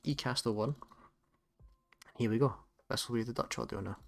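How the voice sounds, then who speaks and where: A man with a Scottish accent, hosting a casual tutorial in a relaxed, chatty way with some self-corrections. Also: mid-range voice, normal speed, vocal fry. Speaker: tutorial host. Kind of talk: casual screen-recorded tutorial.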